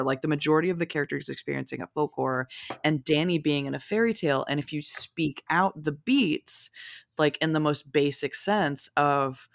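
A podcast guest talking casually about a film, rambling and profane with quick asides. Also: mid-range voice, fairly bright tone, dry recording, studio quality.

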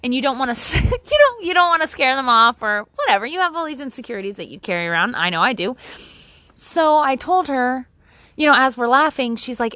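Woman rambling and cursing while giving advice from her yard, voice on the higher side, dry close sound. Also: expressive, fairly quick, pushed and bright, no echo. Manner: candid, rambling, swears freely. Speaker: vlogger. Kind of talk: casual advice monologue. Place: outdoors at her home, in the yard.

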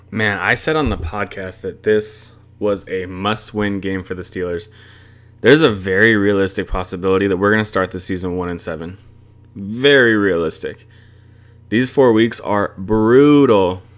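Young guy on his sports podcast, kinda low voice, swearing and ranting about his team. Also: fairly bright tone. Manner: frustrated, profane, rambling. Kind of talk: casual sports rant.

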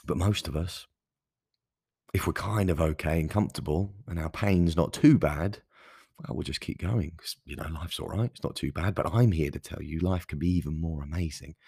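Low husky man, passionate podcast monologue. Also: normal speed, darkish tone, dry recording, clean studio sound. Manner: earnest and passionate, emphatic, with frequent restarts. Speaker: podcast host.

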